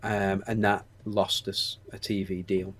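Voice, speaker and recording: An English screenwriter and producer in his forties, speaking with a Stoke-on-Trent accent, talks candidly as an interview guest. His voice sits low and a bit bright, with a flat, unhurried delivery. He comes across as reflective and hesitant, restarting often.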